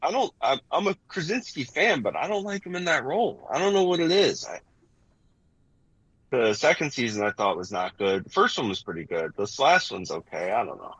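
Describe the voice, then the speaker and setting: A man's voice: medium pitch, very animated, normal speed, a bit bright, breathy edge, no echo, highs cut off. A man in his forties chatting casually as a podcast co-host, blunt and profane, rambling from point to point. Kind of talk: casual chat.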